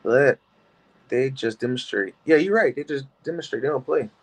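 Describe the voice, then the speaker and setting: A man's voice: mid-range voice, moderate pace, low-quality recording. A man co-hosting a casual money chat, talking loosely and asking questions. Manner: conversational, loose, asks questions.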